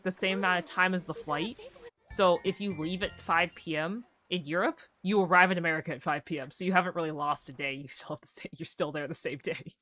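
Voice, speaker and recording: A woman streamer chats casually while she plays, her tone bright and a touch low, wandering from story to story and acting out little back-and-forths with a friend. Soft game music hums behind her. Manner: rambling, chatty storytelling, acting out quotes of friends. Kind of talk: casual live-stream chat while gaming.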